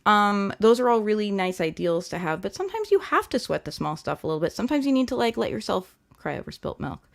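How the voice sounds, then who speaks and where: A young woman hosting a live-stream tarot reading, talking gently and chattily with many fillers. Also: mid-range voice, very animated, quick pace, creaky, hardly any pauses. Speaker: tarot reader and livestream host.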